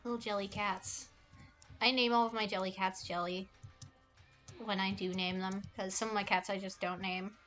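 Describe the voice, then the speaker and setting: A woman's voice: medium pitch, flat delivery, normal speed, a bit bright. Young woman, casual stream chat, rambling, cooing at cats, faint music behind. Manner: rambling, affectionate baby talk to cats.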